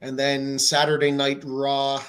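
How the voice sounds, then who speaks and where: A man's voice: mid-range voice, monotone, measured pace, a bit bright. A man co-hosting a casual podcast, blunt and swearing casually as he chats. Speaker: podcast co-host.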